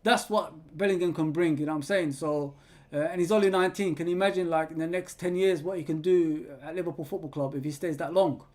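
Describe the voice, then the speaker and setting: A man hosting a live football watch-along, excitably calling the play, yelling at players and chatting with viewers. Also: fairly high pitch, quick pace. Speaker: fan channel host reading live chat.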